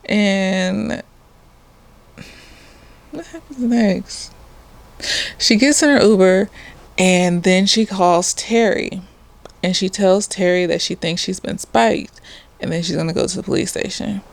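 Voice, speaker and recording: A slightly tipsy woman talks through a TV episode in a loose, rambling recap. She swears freely and talks in a relaxed, offhand way. She sounds like a therapist chatting at home rather than giving a formal review. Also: medium pitch, slow pace, gravelly, pauses often. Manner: rambling, profane, laughs often.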